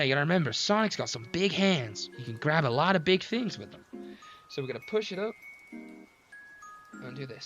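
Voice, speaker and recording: A man doing an impression of a soft-spoken, calm male TV painting instructor who gives slow, gentle directions while painting on a livestream. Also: fairly high pitch, dull audio.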